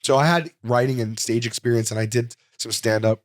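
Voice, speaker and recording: A comedian in his forties tells a long story to an interviewer, his pitch sitting at an ordinary middle register. He talks in an animated, rambling flow, doubling back with fillers and restarts. The studio sound is dry and close, with almost no room echo. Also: brisk. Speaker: comedian guest.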